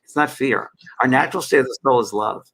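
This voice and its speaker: A man's voice: medium pitch, quick pace, fairly bright tone. A middle-aged man hosting a show, explaining meditation in an earnest, rambling way, often restarting and repeating himself. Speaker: spiritual teacher and host. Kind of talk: casual teaching chat.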